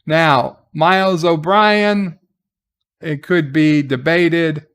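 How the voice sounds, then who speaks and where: A man casually recapping a TV episode as a reviewer, halting with restarts and fillers and getting excited as he retells the action. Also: a little high, smooth.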